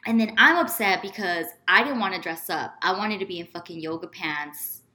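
A woman's voice: on the low side, moderate pace. A young adult woman co-hosting a casual podcast, telling a story with lots of swearing and acted-out quotes. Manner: animated, profane storyteller acting out quotes. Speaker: podcast co-host.

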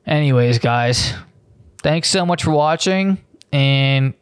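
A man's voice: on the high side, slow, clean tone, no echo, clean studio sound. A young man hosting a solo comedy podcast, ranting in a sarcastic, profane, rambling way.

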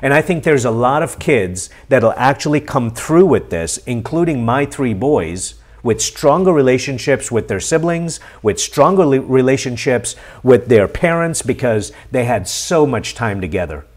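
A middle-aged man hosts a live-stream question session. He talks in an earnest, animated way at a middle pitch, coaching his listeners with encouragement. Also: normal speed, hardly any pauses. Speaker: host.

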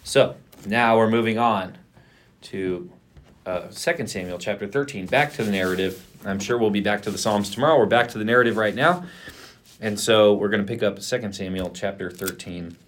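A man co-hosting a podcast, reading scripture aloud in a steady, plain way. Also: fairly low pitch, moderate pace. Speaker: podcast co-host.

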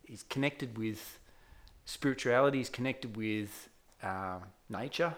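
A man co-hosting a podcast, playful and quick to laugh. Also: medium pitch. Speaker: podcast co-host. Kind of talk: casual chat.

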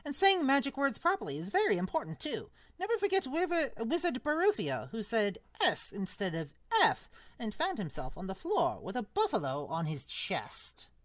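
A woman voicing a tiny, fussy old male wizard professor in a squeaky, high, fluttery voice for a storybook read-aloud. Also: wildly swooping pitch, normal speed, few pauses, no echo. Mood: instructive. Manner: chirpy schoolteacher instructions.

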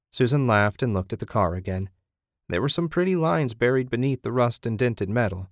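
A man reading fiction aloud in a steady, measured way, as an audiobook narrator. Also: mid-range voice, dry recording, studio quality. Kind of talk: scripted narration.

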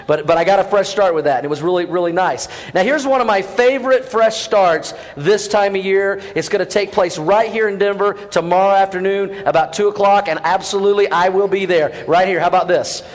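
A man's voice: sits high, a little fast, hardly any pauses. A man preaching an Easter sermon, talking casually and putting questions to his congregation. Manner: conversational, asks the audience questions. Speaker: pastor. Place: large church hall. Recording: echoey hall with audience.

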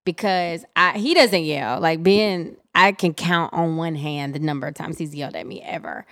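A young woman co-hosting a casual podcast chat, open and animated as she tells her own stories. Her voice sits a little low and comes out smooth and clean. The sound is close and dry. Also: moderate pace, dry recording. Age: young adult. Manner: candid, animated, laughs often. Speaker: podcast co-host.

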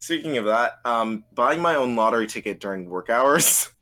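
A co-host chats casually on a livestream, rambling through work stories and frequently restarting and correcting himself. His medium-pitched voice is animated, pushed and bright, at a normal speed.

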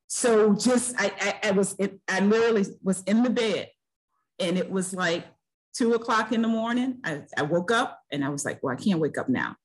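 A woman's voice: medium pitch, moderate pace, low-quality recording. A woman guest on a podcast, talking earnestly and repeating phrases as she builds her point. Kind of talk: casual podcast interview.

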